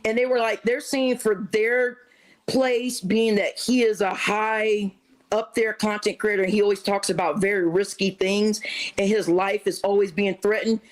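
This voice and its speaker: A woman's voice: medium pitch, moderate pace, poor audio. A woman telling a story casually on a livestream, acting out what others said to her. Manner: animated retelling, acts out quoted chat voices. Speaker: livestream guest.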